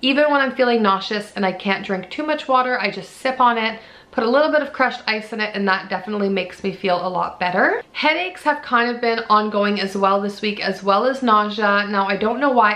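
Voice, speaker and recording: Her voice is medium-pitched and a bit bright as this vlogger in her thirties chats candidly about her pregnancy from home. She uses "like" and "you know" a lot, and the clip is captured on her own camera mic.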